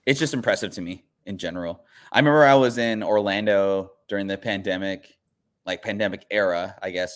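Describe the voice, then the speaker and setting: A man's voice: fairly low pitch, a bit bright. Rambling, casual male comic host. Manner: rambling, frequent filler words and restarts. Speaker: comic book channel host. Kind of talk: casual chat.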